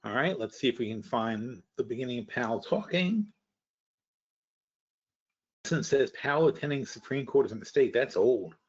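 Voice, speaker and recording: A man's voice: medium pitch, animated, moderate pace, long pauses, breathy edge, dull audio. A man hosting a live webinar, commenting casually and bluntly on markets, thinking aloud with trailing, restarted sentences and the odd curse. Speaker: webinar host.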